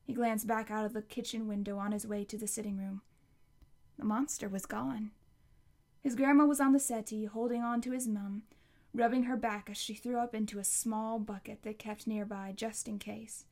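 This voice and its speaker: A woman's voice: fairly high pitch, fairly even intonation, normal speed, darkish tone. A woman narrating a novel as an audiobook, reading steadily with occasional slips and restarts. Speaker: audiobook reader.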